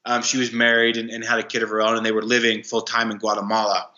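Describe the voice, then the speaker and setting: A young man tells his story in a halting, restart-heavy way with a bright, forceful voice. His sound is roomy and a little dull and lo-fi. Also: fairly low pitch, completely flat delivery. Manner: halting, many fillers and restarts. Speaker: guest, anti-trafficking worker. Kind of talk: casual storytelling interview.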